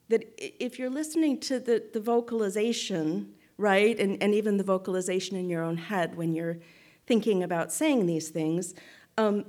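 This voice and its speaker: A guest speaker, a woman with a medium-pitched, slightly mellow voice, gives a reflective teaching to a group. She's measured and thoughtful, often checking in with "right?" and restarting her phrases.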